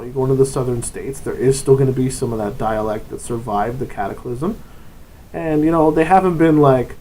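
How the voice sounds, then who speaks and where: Rambling man with a higher voice. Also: a little mellow, rough recording. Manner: rambling and digressive, often breaking into short put-on voices. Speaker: tabletop RPG vlogger and game master. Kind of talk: casual advice monologue.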